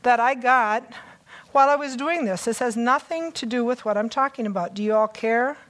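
Lady preacher giving a chatty sermon, kinda high voice, gets all excited and pokes fun at herself. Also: moderate pace. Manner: chatty and excitable, with self-mocking asides. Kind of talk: conversational sermon.

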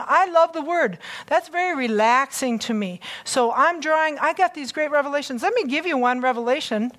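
Lady preacher giving a chatty sermon, kinda high voice, gets all excited and pokes fun at herself. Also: normal speed, hardly any pauses. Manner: chatty and excitable, with self-mocking asides. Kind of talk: conversational sermon.

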